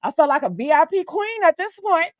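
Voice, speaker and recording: A woman hosting a stream, telling a story in a chatty, animated way, swearing freely and calling the listener "girl.". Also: very high-pitched, a little fast, no room sound, lo-fi sound. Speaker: host. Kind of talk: casual storytelling on a live stream.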